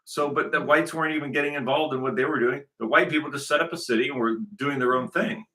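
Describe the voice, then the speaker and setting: A man speaks in a bright, forceful voice at a middling pitch. He talks to his channel without a script, stressing his points. He circles back on himself with frequent repeats and restarts. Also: fairly even intonation, quick pace. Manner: emphatic, repetitive, rambling with many restarts. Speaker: channel host. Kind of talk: unscripted monologue.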